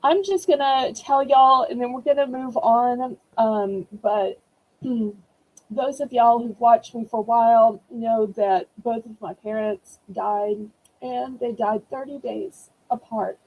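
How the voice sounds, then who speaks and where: A woman's voice: slow pace, narrow, tinny audio. A woman hosting a live-stream auction from home, talking to viewers on a webcam, fighting back her emotions before she goes back to cheerful selling. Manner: emotional, holding back tears, then cheerful product pitching.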